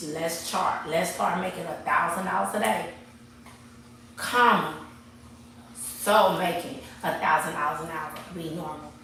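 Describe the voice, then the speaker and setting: Livestreaming from her barber shop, a woman from Texas gives an emphatic, preachy motivational talk, repeating phrases. Her voice is on the low side and fairly bright, at a measured pace. She's off-mic and recorded from a distance in an echoey room with slight background noise.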